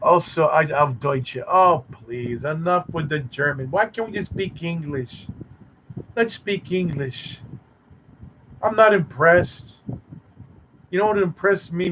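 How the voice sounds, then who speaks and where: A man's voice: a little high, fairly bright tone, slight background noise, rough recording. A man hosting a casual live stream, teasing and bantering sarcastically with his chat viewers.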